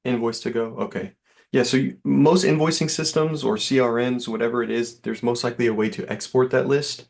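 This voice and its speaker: A man's voice: medium pitch, steady tone, fairly quick, vocal fry. A man giving an easygoing, reassuring sales demo over a call, with lots of fillers. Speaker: software sales rep.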